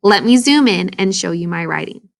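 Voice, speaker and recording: A woman's voice: mid-range voice, animated, normal speed, gravelly. A woman teacher reading a story aloud and explaining it to children in a video lesson.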